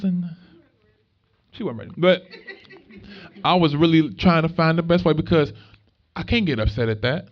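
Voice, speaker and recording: A young man, a minister and activist, talking to an audience in an animated way and acting out voices as he tells stories. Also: a little high, moderate pace, pauses often. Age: young adult. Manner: animated storytelling, acts out voices in dialogue. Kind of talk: conversational talk to an audience. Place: event space at a market. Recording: dull lo-fi recording.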